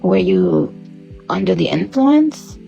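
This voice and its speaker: A woman's voice: mid-range voice, big pitch swings, slow pace, vocal fry, mellow, lo-fi sound, faint music behind. A woman interviewing someone with blunt, incredulous questions. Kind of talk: probing interview.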